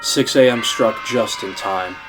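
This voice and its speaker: A man's voice: on the low side, unhurried. Man narrating a story over music. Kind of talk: scripted narration of a horror fan story.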